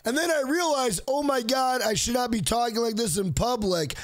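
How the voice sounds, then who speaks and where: A man, hosting an exasperated storytime vlog about a bad fast-food visit. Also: very high-pitched. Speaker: channel host.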